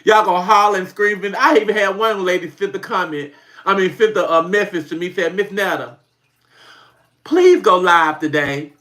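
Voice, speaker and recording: A man who makes comedy skits, chatting casually on a livestream as an animated, laughing storyteller who swears freely. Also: sits high, brisk. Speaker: comedy skit creator hosting a livestream.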